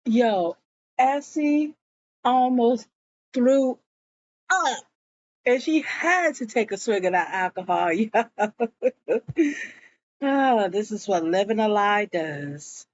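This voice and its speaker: A woman's voice: on the high side, lively intonation, slow, pauses often, dry recording, dull audio. A woman casually recapping a TV episode, slangy and laughing often. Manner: slangy and laughing, says yo a lot. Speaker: show recap vlogger.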